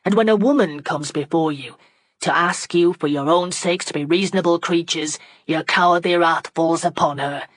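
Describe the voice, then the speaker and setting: A woman's voice: lowish voice, moderate pace, dry recording, close to an everyday voice. A woman reading an audiobook voices a stern, proud male mill owner speaking with cold reproach. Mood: stern scorn.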